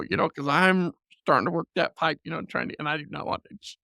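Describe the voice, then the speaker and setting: A man with a gravelly edge and a pitch a little above the usual male range tells a family story in a relaxed, chatty way. He laughs often and acts out what people said, and the sound is dry and close. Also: fast talker, no room sound. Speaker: podcast guest. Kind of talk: casual storytelling.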